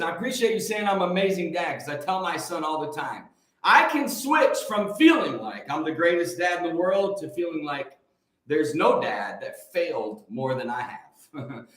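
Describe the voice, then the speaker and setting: A man's voice: on the high side, fairly bright tone. A man hosting a casual morning livestream, greeting viewers by name and making emphatic, preachy points. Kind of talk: casual live-stream chat with viewers. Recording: very echoey room.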